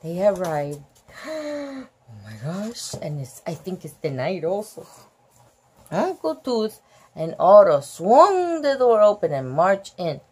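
A woman's voice: medium pitch, big pitch swings, slow pace, darkish tone, breathy edge. A woman reading a picture book aloud with chatty asides, giggly and easily amused. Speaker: storybook reader.

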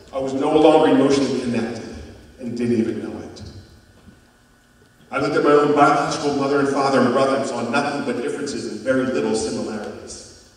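A man in his fifties telling a personal story as a guest speaker, dramatic and emphatic, his loudness rising and falling. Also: mid-range voice. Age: 50s. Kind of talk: motivational storytelling talk. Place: school auditorium. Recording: echoey hall from far off.

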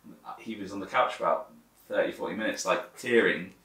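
A man chatting casually as a guest, telling stories with animated energy and a fair bit of swearing. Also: low voice, fairly quick. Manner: swears freely, animated storytelling. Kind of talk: casual chat. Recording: echoey room, mic at a distance.

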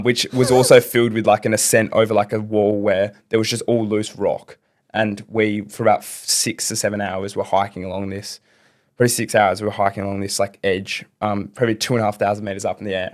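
Rambling young man telling a story. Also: fairly low pitch. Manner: rambling, fast, lots of fillers and restarts. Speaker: podcast guest. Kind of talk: casual storytelling.

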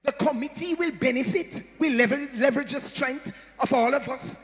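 A man with a Jamaican accent, a church elder preaching an impassioned sermon with sung and shouted refrains. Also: extremely high pitch, moderate pace, big-room sound. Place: church service.

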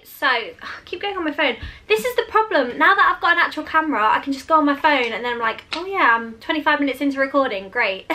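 Young woman, bubbly and chatty, laughs a lot; beauty vlog tutorial read with a crisp, bright tone. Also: sits high. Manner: chatty, giggly, lots of fillers. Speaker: beauty vlogger. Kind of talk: casual hair tutorial and Q&A.

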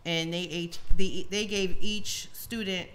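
A woman co-hosting a casual group podcast chat, telling stories in an animated way. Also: fairly low pitch, takes it slowly. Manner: animated storyteller, mimics people. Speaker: podcast co-host.

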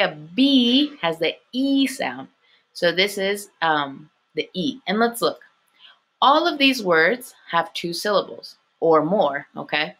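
Woman, elementary teacher, online phonics lesson, unhurried, bright tone, patient. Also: mid-range voice. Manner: patient, repeats okay often, sounds words out slowly.

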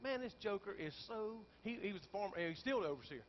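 Animated preacher with a high voice. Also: male voice, fast, hardly any pauses. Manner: animated, climbing into shouted peaks, folksy asides to the congregation. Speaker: pastor. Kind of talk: storytelling sermon. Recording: dull lo-fi sound with faint background noise.

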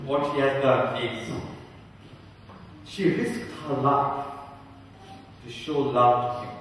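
A man's voice: medium pitch, steady tone, slow pace, long pauses, a bit bright, a little hiss or hum. A male pastor giving a sermon, telling a story earnestly and building to fervent emphasis. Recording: echoey hall from far off.

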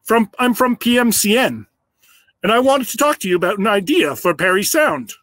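A man's voice: sits high, expressive, normal speed, fairly bright tone, no echo, studio quality. A man imitating a frumpy middle-aged man who has a vague foreign accent and introduces himself politely.

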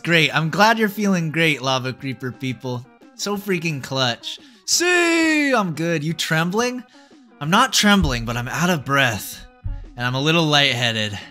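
A young man giving excitable live commentary as a streamer, yelping and groaning at the game. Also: a little high. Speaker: VTuber streamer.

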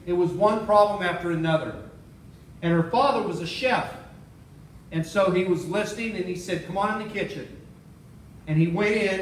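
A man's voice: sits high, reverberant, distant mic, slight background noise, poor audio. A man preaching a sermon as pastor, telling a story and repeating key phrases for emphasis. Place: church sanctuary.

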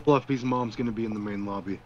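A man's voice: on the low side, fairly even intonation, fast, highs cut off, slight background noise. A young man chatting casually while watching a horror game, reacting in slang and swearing. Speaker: co-player. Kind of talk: casual gaming chat.

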